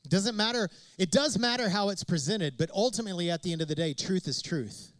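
A male pastor preaches with a high, ringing voice, driving his points home through repetition and rhetorical questions. The sound is dry and close, with almost no room echo. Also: a little fast. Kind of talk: sermon.

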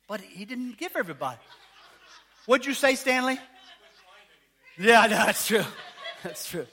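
A man preaching with a high, ringing voice that swoops up and down as he jokes and quizzes his congregation. His delivery is animated and playful, the sound of a pastor working the room in church. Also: unhurried. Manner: animated, joking, asks the congregation questions. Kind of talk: sermon.

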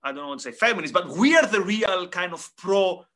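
A man's voice: high-pitched, very animated, fairly quick, gravelly, pushed and bright. A man co-hosting a casual philosophical discussion, making his points emphatically and repeating words as he builds them. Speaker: co-host.

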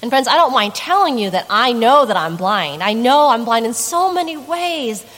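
A woman's voice: on the high side, sing-song, moderate pace, fairly bright tone, long reverb tail, rough recording. A woman pastor delivering a sermon in an earnest, conversational way, adding dramatic emphasis.

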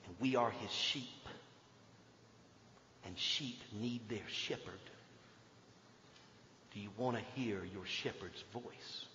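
Older pastor preaching in an echoey hall. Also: male voice, lowish voice, takes it slowly, pauses often, a little hiss or hum. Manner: swings between emphatic and hushed. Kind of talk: sermon. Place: church sanctuary. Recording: dull echoey church hall recording.

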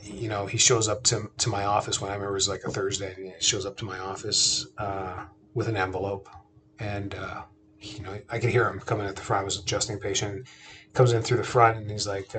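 A man's voice: lowish voice, flat delivery, a little fast, slight background noise. A man in his thirties, a podcast host, telling a personal family story in a casual chatty way, often restarting sentences and asking listeners rhetorical questions.

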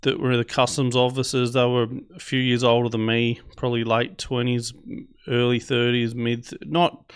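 An Australian man recounting a story in a relaxed, rambling podcast chat. His voice is smooth and resonant, sitting at an ordinary middle pitch. He swears casually and leans on fillers as he talks. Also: moderate pace. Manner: laid-back, profane, chatty with frequent fillers. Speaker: podcast host.

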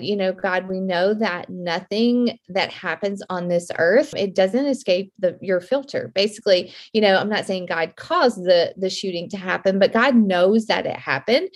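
A woman in her thirties hosting a devotional podcast, speaking earnestly with a slightly shaky, emotional voice. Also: medium pitch. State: voice a little shaky, near tears. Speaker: podcast host.

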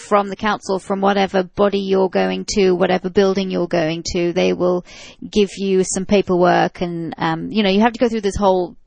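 A woman's voice: mid-range voice, flat delivery, normal speed, gravelly, hardly any pauses, a little mellow, no room sound. A jet-lagged, giddy woman co-hosting a podcast, chatting casually and telling stories while laughing easily. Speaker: podcast co-host. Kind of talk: casual chat.

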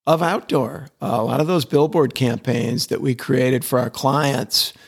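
A middle-aged man with a mid-range, gravelly voice tells stories as an interview guest. He talks with eager energy, often repeating words as he restarts his sentences. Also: mid-range voice, fairly even intonation, a little slow. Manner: enthusiastic storyteller, repeats words as he restarts, chuckles. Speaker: interview guest, advertising executive. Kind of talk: conversational interview.

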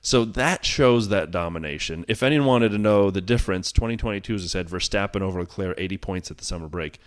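Male podcast co-host, low register, wry deadpan storyteller. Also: fast, clear, resonant tone. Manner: wry, self-mocking storyteller. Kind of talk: casual sports podcast chat.

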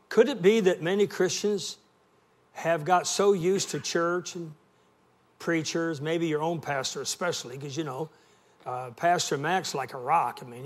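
A middle-aged man preaches with a folksy, storytelling warmth and draws the congregation into call and response. His voice sits a little higher than most men's. He keeps the sermon conversational and direct. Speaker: guest preacher.

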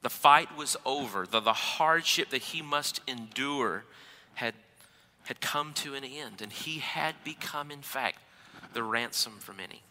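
A man reading scripture aloud and then preaching an earnest sermon, slowing down with weighty pauses. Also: mid-range voice, bright, forceful tone, big-room sound, a little hiss or hum.

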